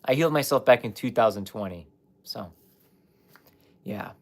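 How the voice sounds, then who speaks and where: A man's voice: mid-range voice, animated, moderate pace. A young man candidly telling his personal story on a livestream, swearing at times and talking straight to his chat. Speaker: life coach livestreamer.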